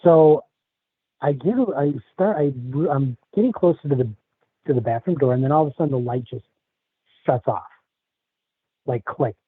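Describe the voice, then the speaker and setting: Man from the Chicago area, halting storyteller, phone-line sound, dry. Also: mid-range voice, slightly rough, no room sound. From Chicago area, USA. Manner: halting, with many restarts. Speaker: guest telling a personal story. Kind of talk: casual storytelling.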